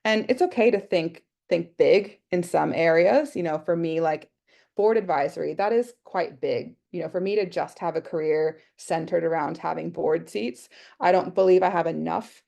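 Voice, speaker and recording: A woman's voice: fairly low pitch, moderate pace, gravelly, warm tone. An Australian woman presenting an online workshop on a video call, chatty and thinking aloud with lots of fillers. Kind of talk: casual online workshop talk.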